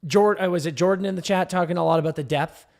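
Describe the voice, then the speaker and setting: A man's voice: sits high, quick pace, creaky, darkish tone. A man co-hosting a live hockey podcast, breaking down the game analytically and teasing his partner. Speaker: podcast co-host. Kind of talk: casual hockey chat.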